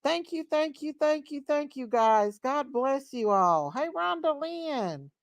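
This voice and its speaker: Slow-talking woman greeting viewers. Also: high voice, lively intonation, dry recording. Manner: chatty, greets viewers by name, thanks donors gushingly. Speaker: live stream host. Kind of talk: casual live stream chat.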